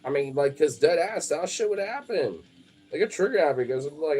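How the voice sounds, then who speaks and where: A man's voice: fairly high pitch, expressive, brisk, a little mellow, faint music behind. A young man chatting casually on a live stream, rambling with lots of fillers, frequent swearing and laughter.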